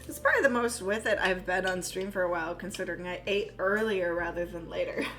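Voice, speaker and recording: A woman live-streaming while she bakes, chatting in a rambling, casual way, swearing freely and cooing in a high voice at her dogs. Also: quick pace, fairly bright tone. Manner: coos in a high voice when talking to her dogs. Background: music.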